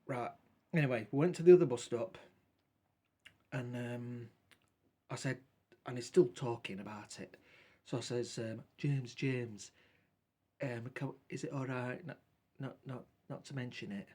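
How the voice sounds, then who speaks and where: A man tells a meandering story to the camera in a loose, chatty way. He keeps quoting the exchanges word for word with "I says" and "he says". His voice sits at an ordinary middle pitch. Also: a little slow, pauses often, dark tone. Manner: rambling, colloquial, repeats quoted dialogue with "I says". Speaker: vlogger. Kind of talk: casual storytelling monologue.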